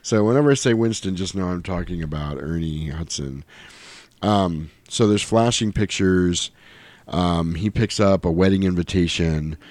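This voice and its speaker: A man's voice: low voice, normal speed, darkish tone, dry recording. A middle-aged man co-hosting a podcast, recapping a film in a rambling, casual way and acting out lines in voices. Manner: rambling, quoting scenes in voices. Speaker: podcast co-host. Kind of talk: casual movie recap chat.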